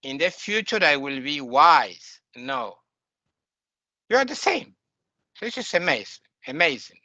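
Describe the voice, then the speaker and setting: A man's voice: on the high side, sing-song, a little slow, bright, forceful tone, no echo, dull audio. A man teaching a spiritual lecture, explaining terms patiently and asking his listeners questions.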